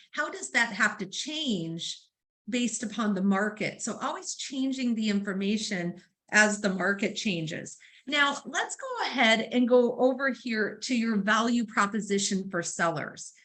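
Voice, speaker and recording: A woman's voice: medium pitch, fairly bright tone, poor audio. A woman leading a real estate training session, telling a story and acting out both sides of a conversation. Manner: storytelling, acts out dialogue; conversational, uses fillers like um and right. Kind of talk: training seminar talk.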